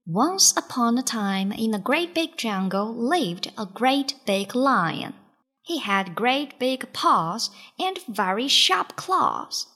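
A woman reading a children's storybook aloud in an expressive way. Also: on the high side. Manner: slow, expressive read-aloud. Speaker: storybook reader.

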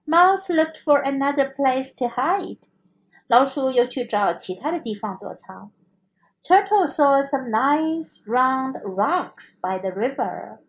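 A woman English teacher narrating a children's story in two languages, slow and expressive. Her voice sits high and swings widely in pitch, taking each phrase at an easy, unhurried pace. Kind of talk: bilingual children's story reading.

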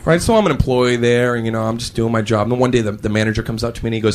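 A man doing a stand-up comedy routine, animated and acting out scenes with silly voices in front of a live audience. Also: medium pitch, racing. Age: 19 then, now adult. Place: stage before a live audience. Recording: live club with loud crowd laughter and noise.

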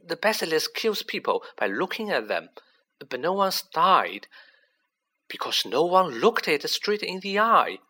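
A man reading aloud, voicing an excited young male student who reasons urgently and eagerly. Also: a little high, measured pace, pitched above the performer's own voice, exaggerated voice. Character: excited boy wizard, quick-thinking young male student.

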